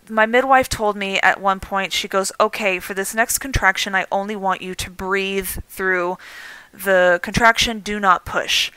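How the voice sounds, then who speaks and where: A woman's voice: medium pitch, clean tone, no room sound, poor audio. A woman in her thirties with an American accent, hosting a podcast and candidly retelling a personal story. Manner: candid, animated retelling with self-deprecating laughs. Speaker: podcast host.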